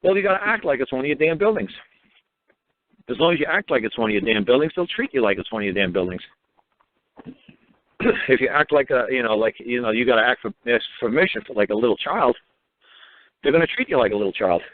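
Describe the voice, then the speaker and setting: A man's voice: mid-range voice, big pitch swings, fast, pauses often, no echo. Emphatic rambling man on a phone-like line. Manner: emphatic, rambling, swears, acts out quoted people. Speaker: speaker on law and public officials. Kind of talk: casual talk, storytelling. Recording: phone-like narrow sound.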